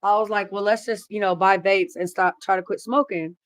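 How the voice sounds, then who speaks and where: A woman's voice: medium pitch, fairly even intonation, fairly quick, no room sound. Blunt, chatty woman livestreaming. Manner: blunt, swears freely, chatty. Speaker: livestream host reading chat. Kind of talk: casual livestream chat.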